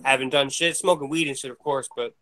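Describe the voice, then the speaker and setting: A man's voice: medium pitch, fast. A man from Pennsylvania talking candidly as a podcast guest, laid-back and slangy. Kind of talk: casual podcast chat. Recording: audible background noise.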